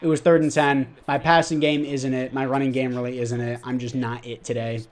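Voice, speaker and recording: Narrating his own football game match, this gaming YouTuber snaps in frustration at his errors and faults himself for them. He speaks a little quickly in a level, mid-range voice.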